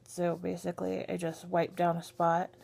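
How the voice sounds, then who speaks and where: Soft-spoken woman with a gravelly voice. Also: fairly low pitch, monotone, normal speed. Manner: hesitant, many ums, soft and candid. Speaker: vlogger. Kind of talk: casual personal vlog.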